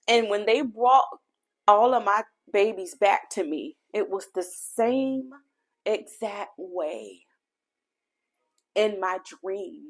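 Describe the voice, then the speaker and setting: A woman's voice: medium pitch, animated, takes it slowly, pauses often. A woman podcast host telling a personal faith testimony in an earnest, heartfelt way, speaking directly to her listeners.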